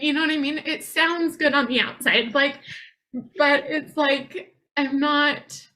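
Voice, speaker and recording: A woman's voice: high-pitched, fairly even intonation, unhurried, pushed and bright. A woman on a group video call who shares her doubts in a rambling, hesitant way, full of fillers. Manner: rambling, hesitant, self-questioning, many fillers. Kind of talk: casual personal sharing.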